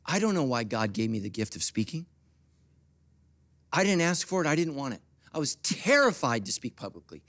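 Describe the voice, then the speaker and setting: A middle-aged man preaching a sermon as pastor, jumping between quiet asides and loud animated peaks, with humorous asides to the congregation. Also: mid-range voice, moderate pace. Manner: animated preaching with big swings from soft to loud.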